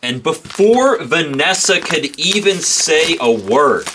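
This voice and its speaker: A man's voice: fairly high pitch, expressive, takes it slowly, pushed and bright, slight background noise, poor audio. A man hosting a live card break stream, telling a rambling story in casual chat. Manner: chatty, rambling, self-correcting. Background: tearing and crinkling card packs.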